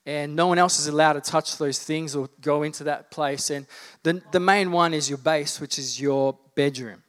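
A man's voice: on the high side, fairly even intonation, normal speed, a bit bright. A man in his thirties preaching a sermon, telling humorous childhood stories in a loose, conversational way before building to fervent preaching. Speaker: pastor.

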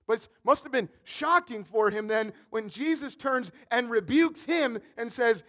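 A man preaching a conversational, animated sermon as a pastor, often repeating words as he builds a point. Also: very high-pitched, a little slow, few pauses.

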